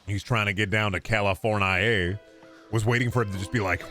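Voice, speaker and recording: A man's voice: fairly low pitch, steady tone, fairly quick, bright, forceful tone, soft background music. A young man chatting casually and swearing freely while streaming a game. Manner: rambling, joking, swears freely. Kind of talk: casual gameplay commentary.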